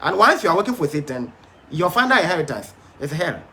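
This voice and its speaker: A man's voice: on the high side, very animated, fast talker, pushed and bright. A man teaching a Bible study, emphatic but hesitant, with frequent fillers and restarts.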